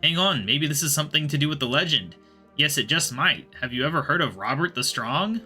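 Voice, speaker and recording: A man's voice: a little high, animated, a little fast, pushed and bright, slightly rough, soft background music, voice pushed up, full character voice. A man reading aloud as a chatty, fussy older woman who looks after stray cats. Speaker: game character voiced while reading.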